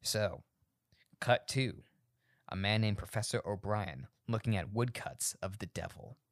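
A man's voice: fairly low pitch, unhurried, no echo, studio quality. A man co-hosting a film podcast in casual chat, rambling and swearing freely. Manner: rambling, profane, laughs often.

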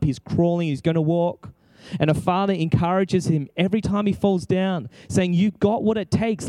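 A man's voice: high voice, mellow, dry recording. A man preaching an impassioned sermon, exclaiming and acting out prayers as he speaks.

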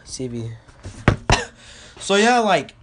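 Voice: mid-range voice, drawn-out words, heavy background noise. Young rambling podcast ranter on a phone. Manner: excitable, profane, storytelling with quotes. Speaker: podcast host. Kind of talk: rambling casual rant. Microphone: phone without a mic.

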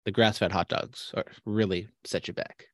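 A man's voice: low voice, fairly even intonation, unhurried, a bit bright, no room sound, clean studio sound. A man co-hosting a podcast who drops profane wisecracks into casual chat. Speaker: podcast co-host.

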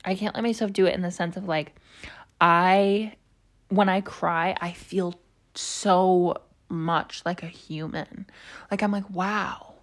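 A woman's voice: on the low side, steady tone, takes it slowly. Rambling, swearing young woman podcaster. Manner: rambling, swears often, frequent "like" fillers. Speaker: podcast host. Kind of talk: casual confessional monologue.

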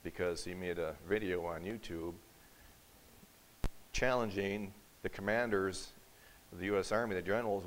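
A man preaching a sermon in church, telling a story with acted quotes and building to forceful emphasis. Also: low voice, fairly even intonation, normal speed, poor audio. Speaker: pastor. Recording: faint hiss.

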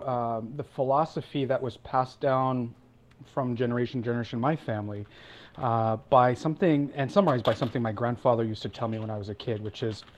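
Male guest, mid pitch, thoughtful and articulate, a few ums. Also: muffled recording. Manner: thoughtful, articulate with light fillers. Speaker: guest, ocean explorer. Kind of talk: casual interview chat.

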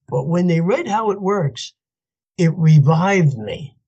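An older man, a podcast guest telling his story in an animated way and laughing as he goes. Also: a little high, takes it slowly, breathy edge, muffled recording. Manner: animated, laughs as he tells stories, acts out voices in quotes. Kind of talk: storytelling interview.

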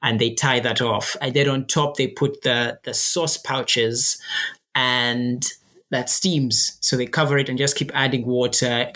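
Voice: mid-range voice, pushed and bright. A guest from Uganda, chatting in an interview and explaining things step by step with frequent restarts. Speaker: guest, filmmaker. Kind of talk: casual interview chat.

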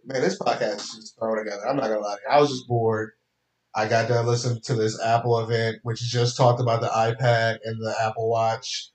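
A man hosting a casual solo podcast from his home office, rambling and cursing with sudden animated outbursts. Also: mid-range voice. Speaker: podcast host. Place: home office, spare room. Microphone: home podcast mic, computer recording. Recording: echoey room.

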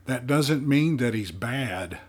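A man's voice: medium pitch, expressive, slow pace, breathy edge, voice pushed up. A man doing a curious, bold little girl. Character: nine-year-old girl, curious and bold. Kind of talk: audiobook character voice.

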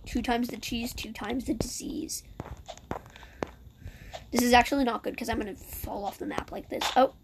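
A woman's voice: fairly high pitch, fairly even intonation, normal speed, gravelly, pauses often, noisy background. A woman giving casual gameplay commentary in a chatty, sarcastic way with muttered asides. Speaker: gameplay streamer.

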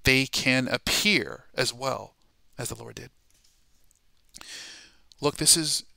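A man teaching a Bible study class in a sermon style, emphatic and dramatic, slowing down to stress key words. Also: mid-range voice, vocal fry, bright, forceful tone, no echo.

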